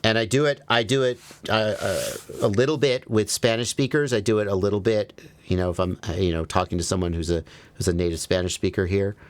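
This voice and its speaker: A man hosting a livestream, chatting casually and telling stories, his pitch leaping up when he acts out a thought. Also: brisk. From American South. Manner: animated storyteller, jumps high on quoted asides. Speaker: livestream host.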